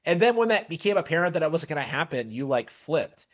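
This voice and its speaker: A man's voice: fairly high pitch, very animated, quick pace, dull audio. A man reacting on a live stream, skeptical and incredulous, rambling with lots of fillers.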